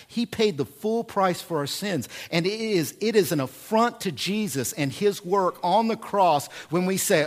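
Emphatic preacher with a higher voice. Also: male voice, lively intonation, normal speed, hardly any pauses. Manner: emphatic, repeats key phrases, swings from quiet to loud. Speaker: pastor. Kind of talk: sermon. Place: church.

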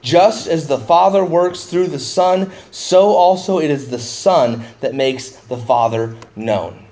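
A man preaching a verse-by-verse sermon in a conversational way, getting animated when he paraphrases. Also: a little high, slow pace. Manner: conversational, rising excitedly when paraphrasing Jesus. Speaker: pastor. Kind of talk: expository sermon.

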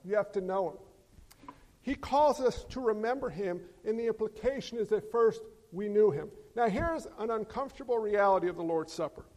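A man preaching a sermon as pastor, animated, swinging from loud exclamations to hushed emphasis. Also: sits high, normal speed. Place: church sanctuary. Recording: long hall reverb.

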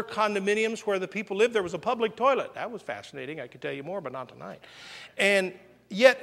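A man preaching a sermon in a church, telling stories with lively swings between loud outbursts and hushed, slow emphasis. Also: high voice, big-room sound. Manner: animated storytelling, swings from loud exclamations to quiet emphasis.

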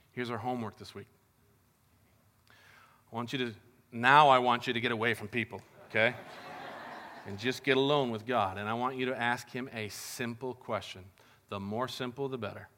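A man's voice: mid-range voice, pushed and bright. A man preaching as a pastor, in a casual, conversational and upbeat way, talking to the congregation as guys. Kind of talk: casual sermon.

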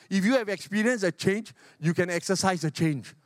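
Preaching fairly quickly, an older Singaporean pastor alternates between booming exhortations and hushed, low asides in his Singaporean English accent. The studio sound is clean, with no room noise.

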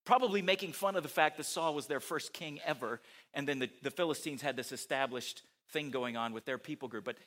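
A man preaching a sermon, animated, who asks his listeners many rhetorical questions. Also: a little high, a little fast.

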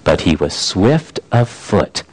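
A man reading aloud, voicing a great wise lion who speaks slowly and gravely. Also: big pitch swings, a little mellow, heavily acted. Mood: solemn. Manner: slow, grave, deep delivery. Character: great wise male lion, calm and solemn.

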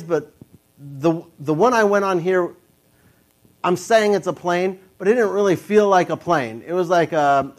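Young adult male storyteller, casual and animated, slightly high voice, jumps into a panicky squeak for quoted thoughts.

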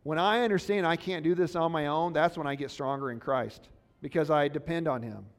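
A man's voice: on the high side, a little fast. A man preaching a sermon in an earnest, conversational way, asking the congregation rhetorical questions. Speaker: pastor.

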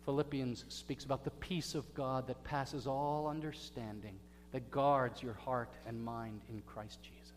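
Man preaching, dramatic storyteller, hushed then loud, long church reverb, faint hum. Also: mid-range voice, fairly even intonation, unhurried, hardly any pauses. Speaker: pastor. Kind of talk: sermon. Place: church sanctuary. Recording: echoey hall with faint hum.

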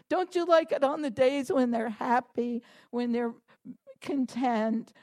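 A woman preaching a sermon to a congregation, animated and laughing, building to fervent, shouted prayer. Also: on the high side.

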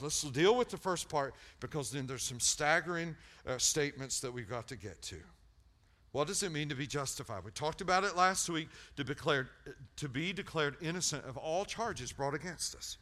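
A man preaching a sermon with a bright, forceful tone set a little high. He tells stories with self-deprecating humor, repeats key words for weight, and swings between loud emphatic bursts and quiet, intense passages. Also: animated, normal speed. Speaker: pastor.

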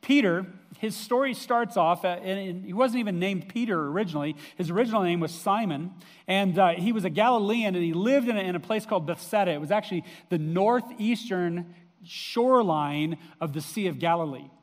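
Man, pastor, conversational sermon, high voice, reverberant church hall. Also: fairly quick. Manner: storytelling, conversational with fillers.

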